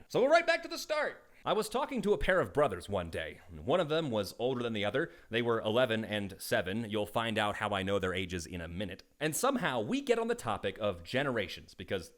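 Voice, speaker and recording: Animated, lively-voiced man telling comic stories. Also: mid-range voice. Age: 30s. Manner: animated, jokey, playful asides. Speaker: storyteller. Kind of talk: comedic animated storytelling.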